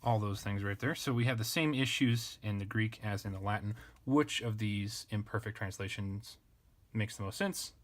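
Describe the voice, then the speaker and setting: A man teaching an unscripted grammar lesson, thinking aloud and correcting himself in a relaxed way. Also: on the low side, normal speed. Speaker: language teacher. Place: indoors at a desk with a camera.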